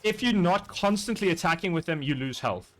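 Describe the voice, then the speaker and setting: A man chatting casually while gaming, animated and swearing freely. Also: high voice, brisk. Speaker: streamer playing a game.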